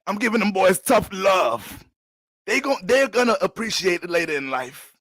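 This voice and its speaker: A man's voice: mid-range voice, very animated, fast talker, no echo. A man putting on the voice of a strict, cold, detached father who speaks curtly. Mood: stern. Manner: curt, detached, gruff.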